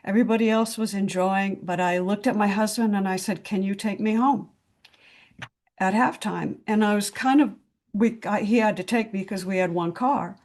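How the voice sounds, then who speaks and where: A woman's voice: mid-range voice, normal speed, darkish tone. A woman speaking candidly in a video-call sharing group, blunt and swearing, with many fillers and restarts.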